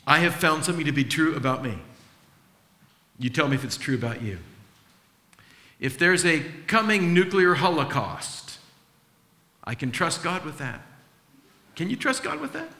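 Animated preacher in an echoey hall. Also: male voice, fairly high pitch, moderate pace, pauses often. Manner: animated preaching, acts out the disciples' voices. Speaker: pastor. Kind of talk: sermon.

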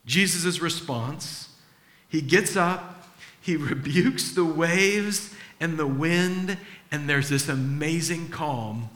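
A man preaches a sermon in a bright, forceful voice, acting out the people in his story. His speech rings through a large echoing hall with a long reverb tail. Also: on the high side, takes it slowly. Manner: animated preaching, acts out the disciples' voices. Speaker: pastor. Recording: echoey hall.

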